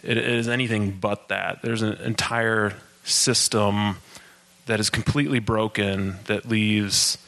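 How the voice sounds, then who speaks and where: Man, church mission talk, lowish pitch, flat steady delivery. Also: unhurried. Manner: self-described monotone, steady, uses uh. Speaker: church mission team member.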